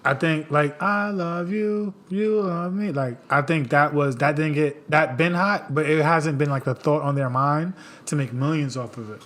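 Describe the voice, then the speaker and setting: Bright-voiced New York guy, slangy. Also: on the high side, fairly even intonation, moderate pace. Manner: loud, laughing, slangy. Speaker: podcast host. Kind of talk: casual group chat.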